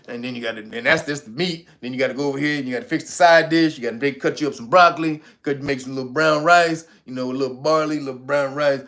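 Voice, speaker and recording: Pushed and bright, this man's mid-range voice carries a slangy rant full of profanity. He's a commentary vlogger who laughs often as he goes.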